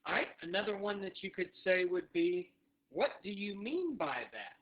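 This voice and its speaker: A man teaching English phrases, saying each one slowly and repeating it so learners can practice. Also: sits high, animated. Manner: slow deliberate modeling, repeats phrases for learners. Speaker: literacy teacher. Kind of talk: ESL lesson, modeling phrases. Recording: muffled lo-fi audio.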